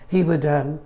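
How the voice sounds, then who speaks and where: A man leading a casual Bible study, talking conversationally with wry asides and frequent throat-clearing. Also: a little high, highs cut off.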